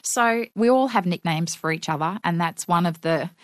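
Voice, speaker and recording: A woman's voice: lowish voice, normal speed, no room sound, studio quality. A middle-aged woman, a guest in an interview, talking frankly with wry humour and acting out what others said. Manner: frank, wry storytelling with acted-out quotes. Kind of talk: conversational interview.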